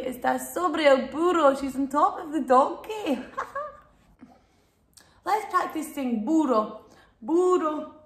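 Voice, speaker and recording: A woman's voice: fairly high pitch, reverberant. A woman telling a bilingual storybook lesson to young children, sing-song and exaggerated, prompting them to repeat words. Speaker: children's Spanish teacher and storyteller.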